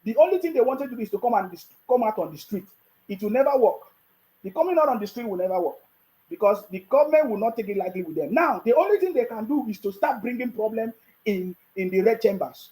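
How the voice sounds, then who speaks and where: Speaking to the camera with a Nigerian accent, this person gives casual political commentary in a medium-pitched, mellow, expressive voice at a quick pace. They fire off mocking rhetorical questions, chuckle between points and keep asking "you understand me?", all on a low-quality recording.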